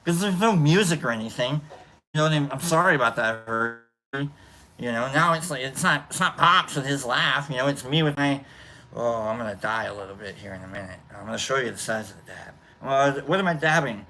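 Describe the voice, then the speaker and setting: A man hosting a casual chat show, talking in a rambling, halting way full of fillers and restarts. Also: medium pitch, expressive, pushed and bright. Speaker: host. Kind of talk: casual chat while smoking.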